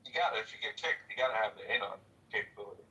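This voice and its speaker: A man moderating a casual online audio chat, talking haltingly with many repeated words and restarts. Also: fairly low pitch, animated, bright, forceful tone, muffled recording.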